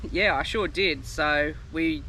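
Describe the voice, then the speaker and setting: A young Australian man chats to camera outdoors in a bright, easygoing voice. He is laid-back and agrees readily. Faint wind noise sits behind him. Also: on the high side, slow, rough recording. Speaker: vlogger, mechanic. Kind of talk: casual chat to camera. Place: outdoors beside a car.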